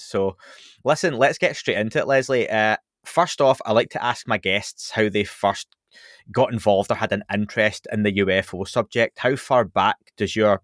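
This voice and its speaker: A man's voice: lowish voice, dry recording, clean studio sound. A man hosting a podcast interview, chatty and joking with his guest. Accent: non-American English. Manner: chatty, jokey. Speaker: podcast host. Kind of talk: casual interview.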